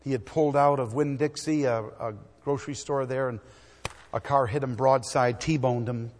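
A middle-aged man preaching a sermon in a church, swinging from loud exhortation to quiet storytelling. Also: medium pitch, fairly even intonation, normal speed, big-room sound.

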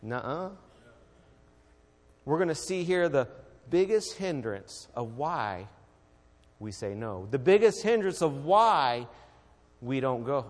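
A man preaching an evening church sermon and praying, swinging between loud exhortation and hushed quiet. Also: mid-range voice, big pitch swings, unhurried. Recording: long reverb of a hall.

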